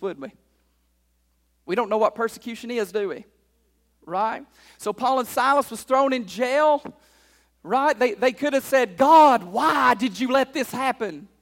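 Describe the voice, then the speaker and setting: A pastor preaching a sermon in a church, drawing call-and-response from the congregation and swinging between loud declarations and quiet asides. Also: male voice, extremely high pitch, long reverb tail. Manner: call-and-response preaching, frequent "right?" and "amen?".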